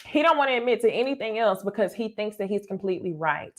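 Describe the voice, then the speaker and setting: A woman's voice: mid-range voice, fast talker. A young adult woman, giving a blunt, casual recap commentary, swearing and calling her viewers y'all. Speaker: reality TV commentator.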